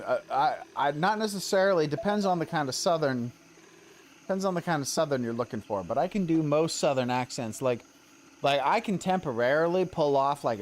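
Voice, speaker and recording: A young man talking in a loose, rambling way with a Western American accent, the kind who drifts off topic and laughs at himself. His pitch sits in an ordinary middle range for a man. He sounds like a streamer chatting casually over his game. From Colorado. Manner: rambling, chatty, self-deprecating.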